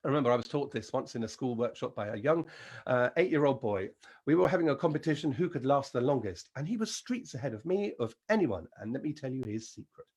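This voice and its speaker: A man with an English accent leading an encouraging vocal warm-up lesson as a singing teacher. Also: medium pitch, expressive, fast, slightly rough. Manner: encouraging, demonstrates sounds and sings.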